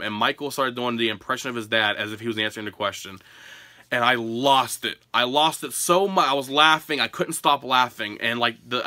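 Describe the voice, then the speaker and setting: Chatty male vlogger from Pennsylvania, bright forceful voice, dry close sound, answers fan questions laughing. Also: medium pitch, no room sound. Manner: chatty and animated, often laughing. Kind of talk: casual storytelling Q&A. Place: his home.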